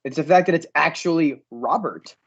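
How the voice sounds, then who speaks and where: A man's voice: fairly high pitch, moderate pace, slightly rough, muffled recording. A man co-hosting a casual baseball watch-party stream, rambling and filling his talk with "like". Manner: rambling, heavy use of "like". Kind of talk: casual chat.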